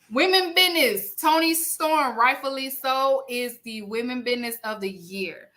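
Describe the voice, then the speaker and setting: A woman's voice: high voice, moderate pace, hardly any pauses, sharp tone. A woman co-hosting a casual podcast, reading out award winners with playful, emphatic announcing.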